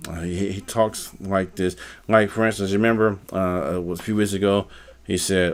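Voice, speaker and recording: A man's voice: low-pitched, level tone, brisk, clear, resonant tone. A man hosting a live stream, talking casually and rambling, with many fillers and repeated words. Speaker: live stream host, postal worker.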